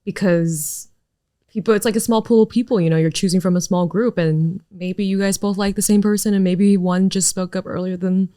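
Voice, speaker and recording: A woman co-hosting a podcast, chatting in a relaxed, conversational way. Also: medium pitch, brisk, no echo, studio quality. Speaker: podcast co-host. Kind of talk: casual chat.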